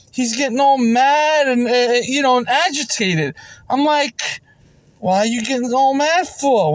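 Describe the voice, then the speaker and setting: A man's voice: sits high, no room sound, rough recording. A man telling a story to camera in an aggrieved, insistent way, repeating himself and stumbling over restarts. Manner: frequent stammered restarts. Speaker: vending route operator.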